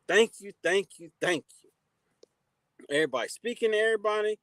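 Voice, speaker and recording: A man's voice: sits high, animated, fairly quick, dry recording, poor audio. A man hosting a casual motivational livestream, greeting viewers by name and giving life advice. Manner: shouts out chat viewers warmly by name, preachy advice. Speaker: livestream host.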